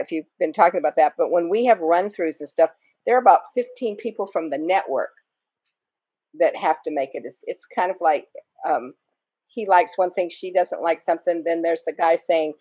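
A woman's voice: fairly low pitch, a little mellow, no echo. A woman actress guest talking casually in an interview, rambling with many fillers and small laughs.

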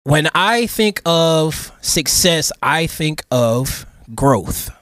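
A man in his thirties co-hosting a casual podcast, telling a story in an animated, slangy way and getting emotional. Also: on the high side, drawn-out words, no echo, clean studio sound. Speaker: podcast co-host. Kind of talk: casual chat.

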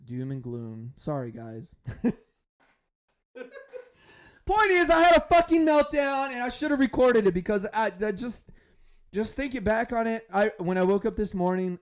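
A young man hosting a podcast, telling rambling stories in a profane, animated way. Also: on the high side. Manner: profane, animated storytelling, breaks into laughs. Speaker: podcast host. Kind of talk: casual monologue.

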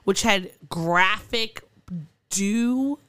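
Woman, casual podcast chat, slow and drawn out, dry close sound, giggly. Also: mid-range voice, fairly bright tone, dry recording. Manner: giggly, rambling with fillers and restarts. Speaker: podcast co-host. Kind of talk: casual chat, recounting news stories.

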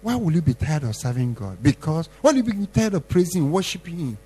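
A man preaching a sermon as pastor, exhorting and repeating himself, swinging between loud emphatic lines and soft low ones. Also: sing-song, a little fast, slightly rough.

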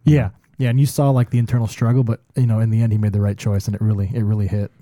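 Dude talking super fast, deep dark warm tone, rambly, lots of "like", dry mic. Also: male voice, little pitch movement, no room sound. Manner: rapid, rambling, many "like" fillers. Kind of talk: casual podcast chat.

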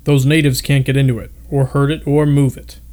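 A man's voice: mid-range voice, flat delivery, a little fast, darkish tone, close to an everyday voice. A man voicing a boastful, scoffing wealthy young explorer in a read-aloud story. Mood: cocky.

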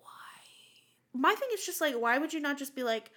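A woman's voice: high-pitched, a little fast. A woman co-hosting a podcast in casual, rambling chat, laughing often. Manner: giggly, rambling and animated. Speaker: podcast co-host.

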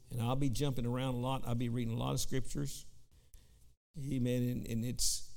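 A man with a Southern US accent leading an informal Pentecostal Bible study, halting and repeating himself, dropping in frequent amens and slowing down to read scripture. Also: mid-range voice, vocal fry.

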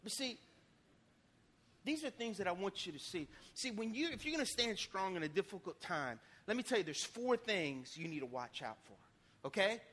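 High, bright-voiced preacher. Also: male voice, normal speed. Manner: lively preaching with sudden loud bursts and folksy asides. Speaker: pastor. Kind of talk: sermon. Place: church.

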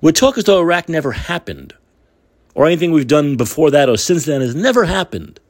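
A man's voice: fairly high pitch, lively intonation, fairly quick, a little mellow. A man hosting his own talk show, delivering heated, indignant political commentary with repeated phrases. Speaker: podcast host.

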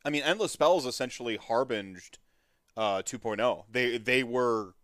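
Speaking at an unhurried pace, the host's medium-pitched voice comes across slightly bright, in studio quality with no echo. It's a casual hobby podcast where he chats in a rambling, friendly, upbeat style, leaning on filler words and laughing a lot.

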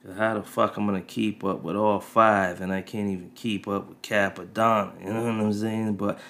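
A man's voice: lowish voice, flat delivery, moderate pace, fairly bright tone. A man in his thirties hosting a podcast, telling a rambling story on a desk mic, laid-back and full of profanity. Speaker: podcast host. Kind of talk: casual storytelling monologue. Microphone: desk USB mic. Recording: faint music underneath.

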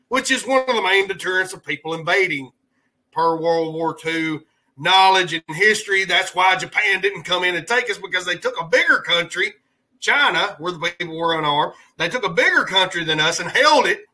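A man's voice: high voice, normal speed, bright, forceful tone, poor audio. A man hosting a podcast, giving rambling, heated political commentary in a colloquial way. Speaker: podcast host.

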